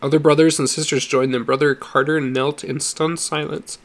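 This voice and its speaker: A man reading a story aloud in a steady, measured narration. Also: fairly high pitch. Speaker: audiobook reader.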